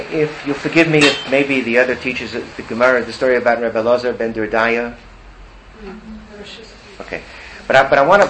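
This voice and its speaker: A man of ordinary pitch gives a religious lesson, telling a story with animated energy. Steady background noise runs under the classroom recording. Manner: animated storyteller who acts out quotes. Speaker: religious teacher.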